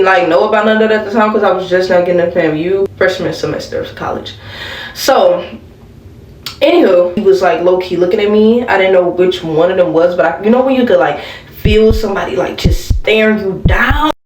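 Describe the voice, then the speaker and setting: A woman's voice: mid-range voice, normal speed, a little mellow, reverberant, distant mic, slight background noise, poor audio. A young woman vlogger chatting casually through a storytime while doing her makeup, laughing and talking to viewers as y'all. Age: young adult.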